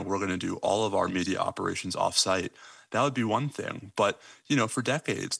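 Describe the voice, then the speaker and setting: Male legal analyst for radio news; measured and explanatory, dry close sound, crisp gravel in the voice. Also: sits low, sharp tone, no room sound.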